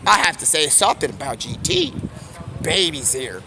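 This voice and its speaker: A man streamer telling a rambling, improvised story, jumping into quick character voices. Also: fairly high pitch, wildly swooping pitch, background noise.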